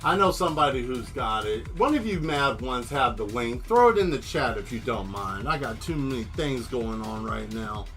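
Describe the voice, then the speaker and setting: A man's voice: mid-range voice, animated, normal speed, few pauses, fairly bright tone, soft background music. A man hosting a casual livestream while he draws, joking and rambling straight to his viewers. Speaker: livestream host painting and answering chat.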